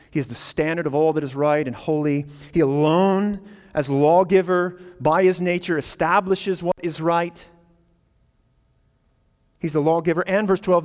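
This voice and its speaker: High-voiced man preaching in a reverberant hall. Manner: emphatic preaching with rising repeated phrases. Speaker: pastor. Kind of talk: sermon. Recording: hall reverb with mains hum.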